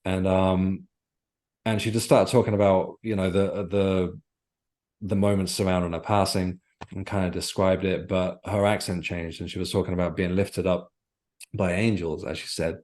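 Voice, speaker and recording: A man with a very low, deep voice, speaking as a guest author on a podcast. He tells his story in a reflective, earnest way and often stops to search for the right words. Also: flat delivery, normal speed, a little mellow. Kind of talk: podcast interview, personal storytelling.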